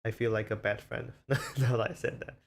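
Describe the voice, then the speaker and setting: A man's voice: mid-range voice, level tone, fairly quick, vocal fry. A man streaming casually, rambling and self-conscious as he shows off the different voices he talks in. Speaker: VTuber streamer.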